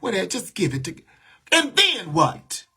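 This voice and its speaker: A man's voice: sits high, huge pitch swings, unhurried, sharp tone, slightly rough. A man venting to viewers on a livestream, blunt and talking back to their comments. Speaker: livestream host.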